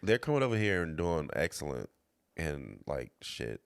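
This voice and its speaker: A young comedian with a very deep voice that swings wildly up and down as he jokes. He keeps launching into squeaky put-on voices mid-story. The sound is close and dry. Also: big pitch swings, normal speed, creaky, no echo. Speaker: podcast co-host, comedian. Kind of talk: casual comedic chat.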